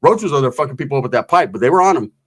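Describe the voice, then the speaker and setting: A man's voice: medium pitch, animated, rapid-fire, slightly rough. A man telling a rambling, profane comic story in casual chat, tagging his lines with "right?".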